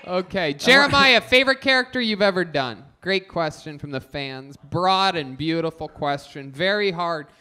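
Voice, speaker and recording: A man's voice: fairly high pitch, expressive, moderate pace, few pauses, sharp tone, clean tone. A man hosting a live comedy show, bossing guests around in a mock-scolding way and laughing often. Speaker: comedy podcast host.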